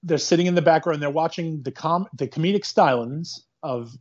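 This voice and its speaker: Rambling man on a lo-fi podcast. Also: a little high. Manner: rambling, animated retelling with quick quoted asides. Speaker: podcast co-host. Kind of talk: casual movie-recap chat. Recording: dull lo-fi sound.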